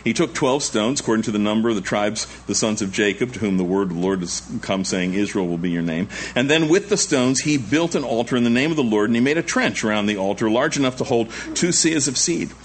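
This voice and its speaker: A man preaching an expository sermon, reading scripture and adding conversational asides, sometimes jumping to high shouting voices to act out characters. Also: fairly quick, hardly any pauses, slight background noise. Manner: animated, acts out the Baal prophets in high shouting voices. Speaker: pastor.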